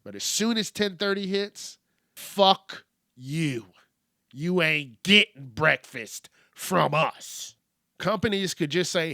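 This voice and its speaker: Male solo host, blunt profane rant, unhurried delivery, dry close sound. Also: on the high side, expressive, sharp tone, no room sound. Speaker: podcast host. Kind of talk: solo ranting monologue.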